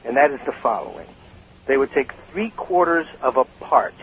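An older man, a guest on a radio talk show, telling stories about bartending with animated emphasis. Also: medium pitch, moderate pace. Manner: animated storyteller, emphatic with laughs. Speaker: guest, cocktail author and former bartender. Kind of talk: radio interview. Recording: slightly dull radio sound with faint hiss.

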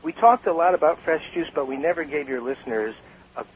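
An older man, a guest on a radio talk show, telling stories about bartending with animated emphasis. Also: on the high side, fairly quick. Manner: animated storyteller, emphatic with laughs. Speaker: guest, cocktail author and former bartender. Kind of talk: radio interview. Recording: slightly dull radio sound with faint hiss.

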